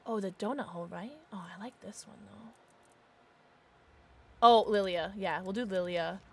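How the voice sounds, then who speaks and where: A woman streaming a game, chatting casually and excitably with quick exclamations, swearing and laughing often. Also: medium pitch, slightly rough. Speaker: livestreamer. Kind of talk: casual gameplay commentary.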